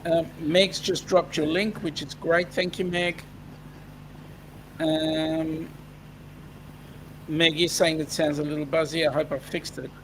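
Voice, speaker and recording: An Australian man co-hosting a live stream, greeting chat viewers in a relaxed, chatty way with lots of fillers. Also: fairly high pitch, takes it slowly, pauses often, low-quality recording. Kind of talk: casual online chat. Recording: buzzing mic with background noise.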